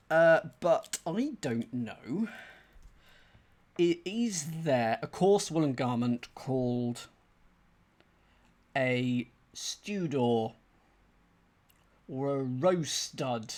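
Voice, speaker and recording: A man streaming a crossword solve, thinking aloud in a chatty, self-deprecating way and reading clues out slowly. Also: mid-range voice, expressive, darkish tone. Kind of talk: casual thinking-aloud commentary.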